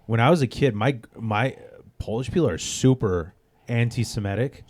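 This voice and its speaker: A man's voice: mid-range voice, normal speed, darkish tone. A young man with a Chicago accent, a comedian guest telling profane stories in a loose way, full of "like". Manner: loose, profane storytelling with many "like" fillers. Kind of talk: casual chat.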